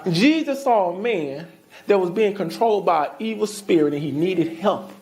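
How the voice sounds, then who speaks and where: A woman pastor with a Southern US accent, preaching a sermon in an animated, conversational way that calls out to the congregation. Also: on the low side, moderate pace.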